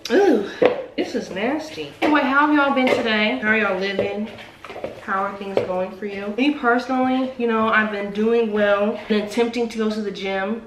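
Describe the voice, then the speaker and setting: A young woman chats casually while cooking in her home kitchen for a vlog, joking at her own expense and tossing in dramatic asides. Her voice is fairly high and her pace moderate. The recording is echoey, with noise in the kitchen.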